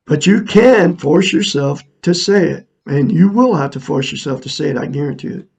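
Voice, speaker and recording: Earnest older man, gravelly husky voice. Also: fairly high pitch, animated, moderate pace, darkish tone. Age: 60s. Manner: earnest, repetitive, preachy. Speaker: self-help vlogger. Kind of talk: casual monologue to viewers. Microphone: camera mic, looking into a mirror.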